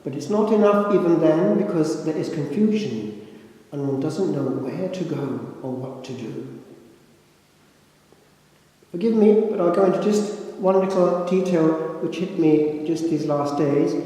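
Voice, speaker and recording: An older man, a priest, delivering a sermon as slow, reflective storytelling with dramatic pauses, recorded in a church. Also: fairly high pitch, warm tone. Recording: echoey church with long reverb.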